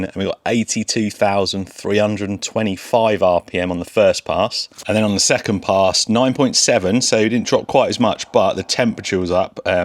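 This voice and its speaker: Excitable man talking outdoors. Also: lowish voice, no echo. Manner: excitable, chatty, talks to himself. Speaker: RC car vlogger. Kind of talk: casual self-narration while testing. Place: outdoors by a road.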